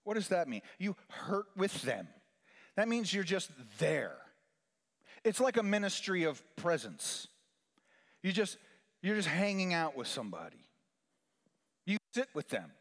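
A man preaching as a chaplain, swinging from loud, emphatic rises to hushed, almost whispered lines. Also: high-pitched, sing-song, unhurried, pauses often. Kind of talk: sermon. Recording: long reverb of a large hall.

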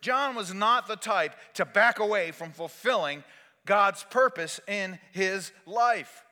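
A man preaching a sermon as pastor, swinging between loud exhortation and quiet, intimate asides. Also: high-pitched, takes it slowly, long reverb tail.

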